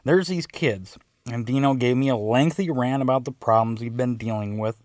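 A man's voice: mid-range voice, fairly even intonation, brisk, darkish tone, dry recording. Man telling a story, dry close sound. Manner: wry, conversational recounting. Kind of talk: casual storytelling narration.

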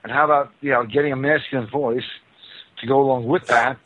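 A man's voice: mid-range voice, fairly even intonation, a little fast, dry recording. Blunt, mocking male radio host. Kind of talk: talk radio banter. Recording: narrow phone-like radio sound.

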